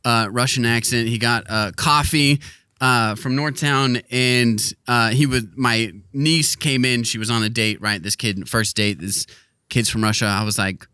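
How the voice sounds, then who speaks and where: A man's voice: medium pitch, steady tone, measured pace, bright, forceful tone, clean tone, dry recording, studio quality. A man hosting a casual podcast chat, talking loosely with many restarts and frequent laughs. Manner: laughing, rambling, self-interrupting. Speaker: podcast host.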